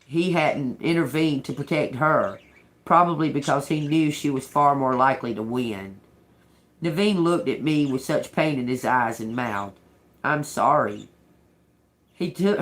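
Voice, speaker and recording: A woman tarot reader reading a book aloud to viewers and chatting loosely, laughing often and talking to her pet bird. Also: low-pitched. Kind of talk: casual reading and chat to viewers.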